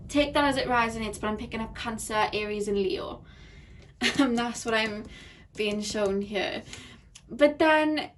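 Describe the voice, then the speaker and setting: Woman doing a chill tarot reading, kinda high voice, rambly and chatty, laughs a lot. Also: a little hiss or hum. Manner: chatty, laughs often, many fillers like "like" and "you know". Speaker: tarot card reader. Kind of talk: casual pick-a-card tarot reading.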